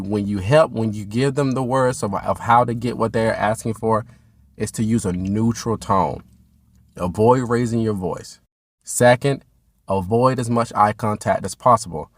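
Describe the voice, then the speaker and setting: A man hosting a parenting show, calmly explaining behavior strategies and speaking straight to parents. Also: lowish voice, no room sound, studio quality. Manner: calm, instructive, addresses parents directly. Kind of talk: direct-to-camera parenting advice.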